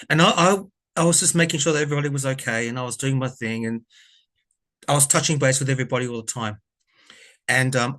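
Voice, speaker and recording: A man talks straight to his viewers in a loose, heartfelt storytelling way. He rambles, restarts and corrects himself, and lets his feelings show. His voice sits at an ordinary middle pitch for a man. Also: a bit bright. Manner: rambling, self-correcting, earnest and emotional. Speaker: tarot reader and vlogger. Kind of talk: casual storytelling to camera.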